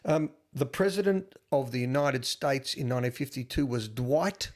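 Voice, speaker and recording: A man's voice: mid-range voice, moderate pace. A man co-hosting a podcast, casually teasing his co-host as he runs a trivia quiz. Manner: teasing, quizmaster. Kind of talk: casual banter.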